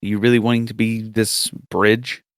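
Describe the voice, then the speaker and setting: A man's voice: on the low side, level tone, normal speed, dry recording, lightly acted. A man voicing a persuasive, questioning hero. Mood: pressing.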